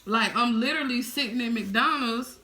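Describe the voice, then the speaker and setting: A woman in her thirties telling a story straight to her viewers, animated and heavy on profanity. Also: on the high side, normal speed. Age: 30s. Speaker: vlogger.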